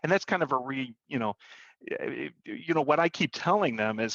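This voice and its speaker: A man's voice: medium pitch, expressive, fairly bright tone, no echo. A man co-hosting a casual real estate chat, stumbling and restarting as he gathers his thoughts. His voice comes through a slightly muffled, dry line with no room sound. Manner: halting, many fillers and restarts. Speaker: realtor and co-host.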